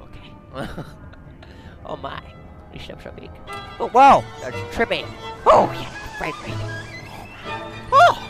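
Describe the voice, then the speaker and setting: A young man giving excitable let's play commentary, exclaiming and reading game text aloud. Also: very high voice, slow pace, long pauses. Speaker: gaming YouTuber. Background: game music.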